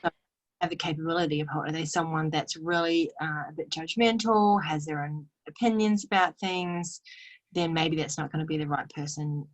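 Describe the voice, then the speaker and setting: A woman relationship coach answering as a podcast guest, measured and advisory. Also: sits low, steady tone, poor audio. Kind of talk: interview answer.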